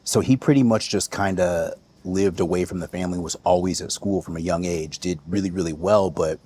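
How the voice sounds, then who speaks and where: A man in his forties, a podcast guest, telling family stories in a relaxed way with plenty of fillers. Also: deep voice, fairly quick, husky. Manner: relaxed, storytelling with many fillers and restarts. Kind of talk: reflective interview storytelling.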